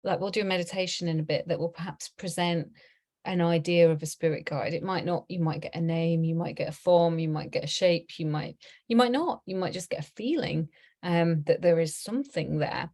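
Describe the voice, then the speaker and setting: A middle-aged woman with a slightly low voice talks a small group through a lesson over a video call. She rambles in an easy, chatty way, full of ums and soft laughs. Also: brisk. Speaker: tarot teacher. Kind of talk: casual online teaching.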